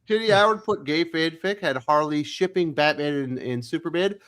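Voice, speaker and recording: Brief: male podcast co-host, high voice, crude joking banter. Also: normal speed, a bit bright. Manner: crude, jokey, swears freely. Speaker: podcast co-host reading listener questions. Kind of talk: casual panel chat.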